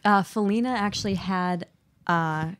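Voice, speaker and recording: Young woman co-host, medium pitch, casual with dry matter-of-fact delivery. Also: a little slow. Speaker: podcast co-host. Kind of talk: casual chat reviewing a book.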